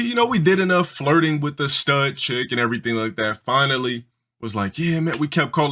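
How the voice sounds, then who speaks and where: A man's voice: medium pitch, bright, forceful tone. A man streaming live and telling crude, rambling stories to his viewers, swearing and restarting often. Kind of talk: casual profane storytelling to a live audience.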